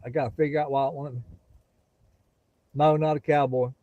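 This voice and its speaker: A middle-aged man with a thick Southern drawl talks easily to his live-stream viewers, folksy and unhurried. His voice sits mellow and soft-edged, caught dry and close on a dull, lo-fi phone mic. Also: fairly high pitch, little pitch movement, no room sound. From Gulf Coast of Florida. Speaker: livestream host. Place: outdoors near a pasture.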